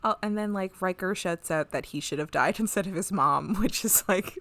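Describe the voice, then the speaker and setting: A woman's voice: on the low side, normal speed, a bit bright. A woman co-hosting a podcast, chatting casually through an episode recap, rambling, laughing often and swearing freely. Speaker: podcast co-host.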